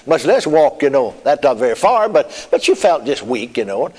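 Very animated yet moderately paced, this man's medium-pitched voice is a little mellow and husky as he preaches a folksy testimony, chuckling and adding amens. The sermon testimony is heard through a long hall reverb.

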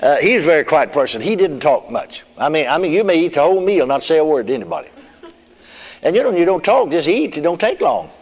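A man's voice: fairly high pitch, very animated, fast talker, a little mellow, slightly rough. A man preacher telling a testimony in a folksy storytelling manner, chuckling and adding amen. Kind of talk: sermon testimony. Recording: long hall reverb.

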